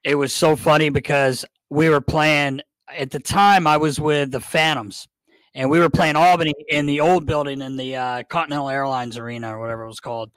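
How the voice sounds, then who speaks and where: A man co-hosts a podcast, telling an animated story with quoted dialogue. His voice sits fairly high. The sound is dry and close. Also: a little fast, no room sound, low-quality recording. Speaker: podcast co-host. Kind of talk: casual chat.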